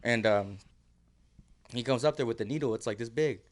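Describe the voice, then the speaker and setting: A man's voice: medium pitch, moderate pace. A man casually telling a story on a podcast, laid-back, using slang and laughing often. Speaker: podcast guest.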